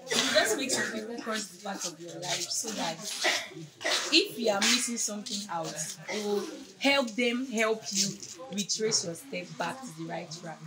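A woman's voice: mid-range voice, lively intonation, normal speed. A young woman with a Nigerian accent giving an earnest, rambling farewell tribute at a fellowship gathering, laughing between phrases. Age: young adult. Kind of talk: heartfelt tribute speech. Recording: noisy crowd around speaker.

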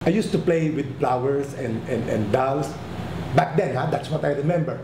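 In an echoey room with background noise, a Filipino man in his sixties tells his life story as a documentary subject, speaking candidly, with profanity, and often stammering through restarts. His voice is medium-pitched at normal speed.

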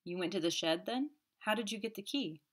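A woman voicing an excitable male police commissary who speaks in urgent, blunt bursts. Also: medium pitch, a little fast, natural voice. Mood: probing.

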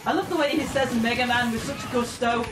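Woman, excitable let's-play commentary, distant mic, loud game music. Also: on the high side, brisk, reverberant. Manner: excitable, giggly, shouts at the game. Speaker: gamer.

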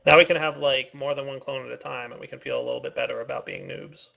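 A man's voice: medium pitch, steady tone, quick pace, creaky, narrow, tinny audio. A man co-hosting a casual game video, upbeat and teasing. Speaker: co-host of a game video series. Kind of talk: casual gameplay chat.

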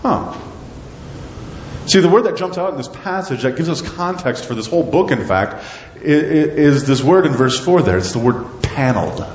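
A man preaching a sermon as pastor, animated and asking his congregation rhetorical questions. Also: fairly low pitch, a little hiss or hum. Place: church sanctuary. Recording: echoey church hall with long reverb.

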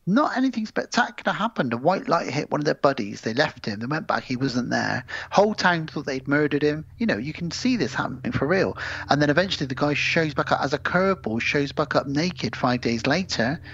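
A man's voice: fairly high pitch, very animated, fairly quick, a bit bright, breathy edge, lo-fi sound. A man, rambling casually and swearing now and then as he recaps a film on a podcast. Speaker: podcast co-host.

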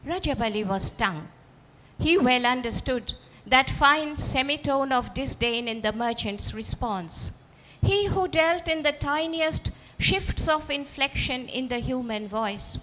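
A woman reading her own fiction aloud at a literary festival, expressive and speaking directly to the audience. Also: high voice, measured pace. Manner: expressive, storytelling, addresses audience. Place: festival auditorium. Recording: reverberant hall.

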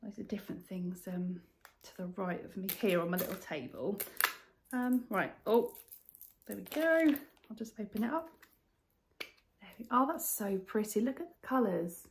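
A chatty woman shows off her finds at home, rambling freely and cooing at the objects in front of her. Her voice sits at a middling pitch. A faint hiss runs under the recording. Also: expressive, moderate pace, long pauses. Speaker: vlogger showing a shopping haul. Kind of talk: casual haul vlog.

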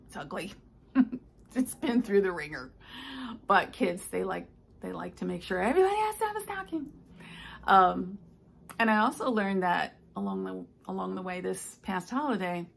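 Chatty older woman with gravelly fry. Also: mid-range voice, sing-song, unhurried, pauses often, a little hiss or hum. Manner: chatty, rambling, with many fillers. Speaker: stitching vlogger. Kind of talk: casual chat. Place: home. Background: household noises, clock and ice maker.

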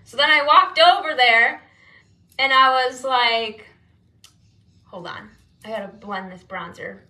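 A woman's voice: fairly high pitch, slow pace, sharp tone. A young woman vlogging while doing her makeup, telling a long story in a chatty, rambling way, saying "like" constantly and acting out her side of the conversations. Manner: calls herself non-confrontational, rambling and exasperated.

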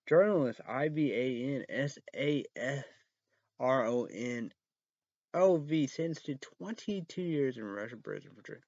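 A man reading news headlines aloud and ranting about them in a rambling, casual way, breaking into loud outbursts and cursing. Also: mid-range voice, animated, dry recording, muffled recording. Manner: reads headlines slowly, then rants loudly with cursing.

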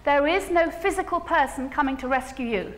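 A woman giving a conference keynote, animated and humorous, coaxing the audience to join in. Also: sits high, fairly quick. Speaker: keynote speaker. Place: large conference hall. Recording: echoey hall, faint ambience.

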